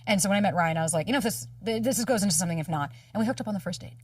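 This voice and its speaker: A woman in her thirties, a dating coach talking candidly, quick and emphatic, swearing freely and acting out the lines of people she quotes. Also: mid-range voice, breathy edge, no echo, clean studio sound, distant mic. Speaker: dating coach, podcast guest.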